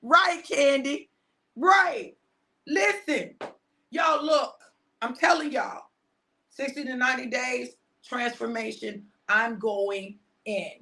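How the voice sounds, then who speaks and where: Speaking slowly in a high-pitched voice, a woman in her fifties offers her live-stream viewers an informal pep talk. She repeats herself a lot and hits points hard, at times preaching, at times dropping to hushed asides.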